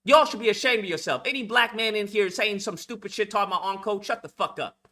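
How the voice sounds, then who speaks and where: A man's voice: high-pitched, fast, pushed and bright. A man delivering a heated, profane monologue rant as a channel host, blunt and repetitive, lecturing his listeners.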